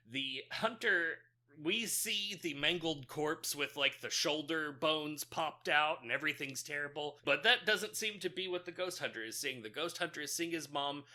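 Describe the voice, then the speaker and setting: A man co-hosts a podcast, running through a film's plot in a loose, rambling recap. His voice is very bright and sits a little high. He fills gaps with chuckles and fillers. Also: lively intonation, moderate pace. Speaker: podcast co-host. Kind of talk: casual film recap.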